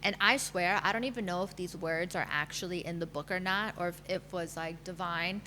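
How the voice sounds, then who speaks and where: Speaking fairly quickly and at a fairly low pitch, this thirtysomething matchmaker talks openly about her own life on a podcast, filler words and all. Her tone is bright and strong, and a slight hum runs beneath the audio.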